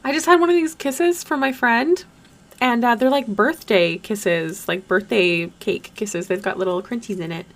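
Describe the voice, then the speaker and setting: A woman's voice: on the high side, normal speed. A young woman chatting casually on a live stream while she draws, bubbly and gushing. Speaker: streamer and artist.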